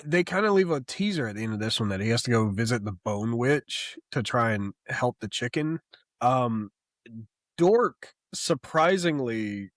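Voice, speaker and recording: A young man co-hosting a casual comic book podcast, talking in an animated, profane way and mocking the characters he retells. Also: medium pitch, dry recording, studio quality. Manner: animated, profane, mocks characters in quoted asides. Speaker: podcast co-host.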